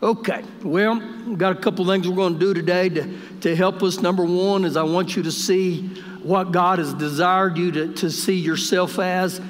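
A man with a notably high voice preaches a live Sunday sermon, jovial and talking directly to his congregation. The church around him rings with a long reverb. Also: steady tone, moderate pace. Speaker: pastor. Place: church sanctuary during service.

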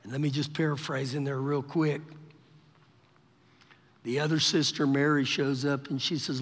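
A man's voice: mid-range voice, flat delivery, moderate pace, pauses often, long reverb tail. A man preaching a live sermon in a church service, acting out scripture quotes in different voices. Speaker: pastor. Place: church sanctuary during a service.

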